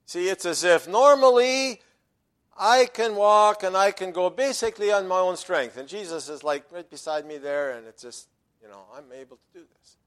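A man delivering a sermon as pastor, his voice sitting a little high for a man. He preaches emphatically, falling quiet for side remarks and swelling loud when he quotes a verse. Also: normal speed, smooth.

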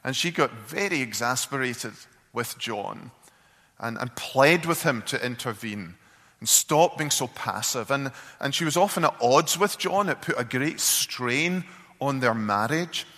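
A man preaching, telling a story in an earnest, halting way with repeated words. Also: medium pitch, expressive, sharp tone, in a large hall. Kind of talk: sermon storytelling.

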